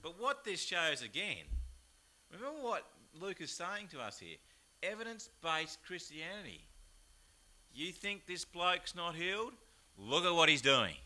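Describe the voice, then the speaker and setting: An Australian man delivers a lively sermon in a fairly high voice. His tone is bright and forceful, and his pitch rises and falls widely as he throws in rhetorical questions. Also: a little slow. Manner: animated, chatty, with rhetorical asides. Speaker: pastor.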